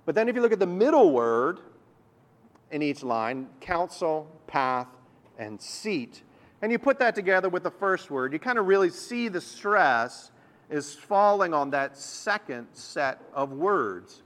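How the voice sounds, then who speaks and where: A man preaching a sermon, earnest and explanatory, often repeating words and slowing down to stress key words. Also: fairly high pitch, big pitch swings, a bit bright. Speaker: pastor.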